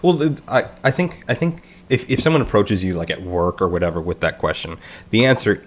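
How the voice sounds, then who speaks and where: A man with a fairly low voice co-hosts a casual podcast discussion. He thinks aloud, restarts his sentences, and slips into quoted voices as he argues his point. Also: animated, a little fast. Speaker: podcast co-host.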